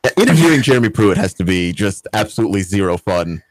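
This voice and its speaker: A man co-hosting a sports radio show, giving measured opinions in casual chat. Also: lowish voice, big pitch swings, no room sound.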